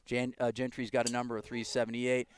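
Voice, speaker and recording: A man doing live play-by-play with a smooth, resonant voice. He talks in a relaxed, chatty way and often trips over and restarts his phrases. He sits at a mid pitch. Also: fast. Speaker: play-by-play commentator. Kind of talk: live sports commentary.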